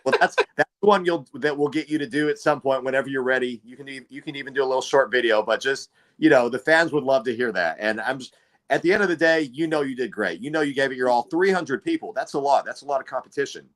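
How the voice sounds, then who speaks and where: A man's voice: medium pitch, quick pace, a bit bright. A man hosting a casual chat, talking in an upbeat, encouraging way. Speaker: host, actor.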